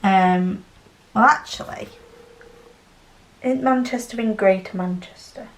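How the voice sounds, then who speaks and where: A woman's voice: mid-range voice, slow, reverberant, low-quality recording. A young woman with a Yorkshire accent, chatting casually and rambling with lots of fillers while she works on a craft project for her channel. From Northern England. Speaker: diamond painting channel host.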